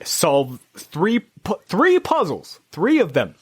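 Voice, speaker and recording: A man co-hosting a gaming podcast, telling a rambling story in casual chat with lots of restarts and sudden jumps in pitch. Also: wildly swooping pitch, takes it slowly, husky, no room sound. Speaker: podcast co-host. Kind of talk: casual chat about video games.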